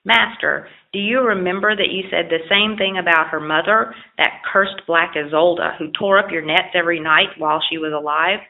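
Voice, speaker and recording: A faithful storybook dog, as a woman reader puts him on, yelping and pleading urgently. The voice has a gravelly, low-set grain. The sound is thin and tinny, like a phone line. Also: fairly even intonation, moderate pace, hardly any pauses. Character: loyal, anxious male dog.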